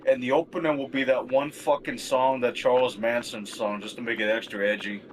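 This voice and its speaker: A man's voice: medium pitch, steady tone, a little hiss or hum. A young man streaming, chatting casually in a profane, sarcastic way. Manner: profane, sarcastic, quick to swear.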